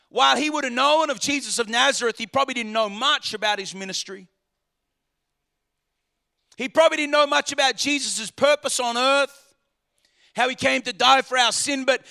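High, bright, gravelly preacher man. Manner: dramatic, swinging from hushed to loud. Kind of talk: sermon.

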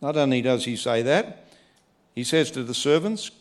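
A man's voice: medium pitch, expressive, normal speed. Emphatic preacher man. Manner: emphatic, swings from quiet asides to raised preaching. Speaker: pastor. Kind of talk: sermon.

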